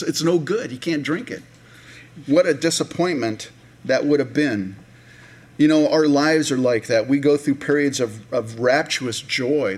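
A man preaching a sermon in a relaxed, conversational way, with many fillers and restarts, sometimes acting out voices of people in the story. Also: medium pitch. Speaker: pastor.

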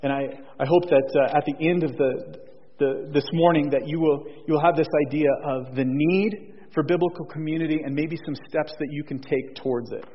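A man's voice: fairly high pitch, steady tone, brisk. A pastor preaching a sermon, earnest, restarting his sentences and repeating key phrases. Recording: husky voice in a long church reverb, dull lo-fi sound.

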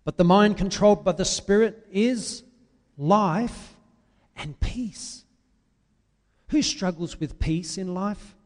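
A man preaching an impassioned sermon, swinging between loud, drawn-out pleas and quiet, confessional asides. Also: sits high, big-room sound.

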